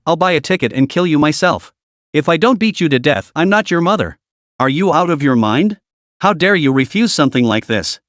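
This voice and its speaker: A man doing a raging mother in a read-aloud story, raised higher than his own voice, yelling threats in a dry, close sound with no room echo. She rants without pause. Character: furious shrieking mother, violent and loud.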